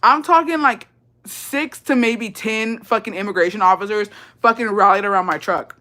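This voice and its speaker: A woman telling a casual storytime, profane and animated, mixing in Spanish phrases and laughing often. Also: medium pitch, normal speed. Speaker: vlogger.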